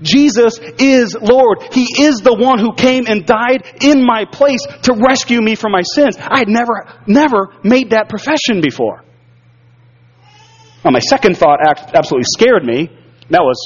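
Male pastor, higher register, earnest testimony-style preaching, dull lo-fi recording. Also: expressive, normal speed, husky, in a large hall. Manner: earnest storytelling, repeats words when stirred. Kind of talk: sermon with personal testimony. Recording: dull lo-fi sound.

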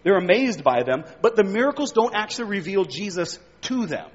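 Male preacher, high voice, breathy, expository sermon, long hall reverb, muffled recording. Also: very animated, fairly quick. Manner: expository preaching, reading scripture aloud with emphatic rises.

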